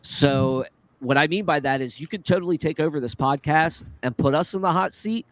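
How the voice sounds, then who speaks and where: A man's voice: a little high, normal speed, no echo. A man hosting a live podcast panel, upbeat and casual, often restarting his sentences. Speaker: podcast host.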